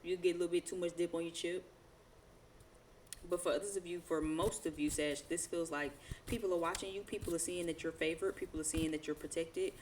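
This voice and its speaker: A woman with a low voice gives a loose, slangy tarot reading, full of profanity and rambling asides. She laughs often as she goes. A faint hiss of noise sits behind her. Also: fairly even intonation, brisk, a little mellow. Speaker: tarot reader.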